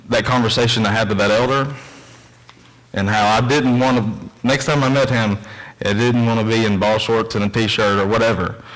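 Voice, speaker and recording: A man's voice: fairly low pitch, a bit bright, low-quality recording. Earnest young man preaching conversationally. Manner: earnest, conversational, storytelling asides. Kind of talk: sermon with scripture reading. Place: church.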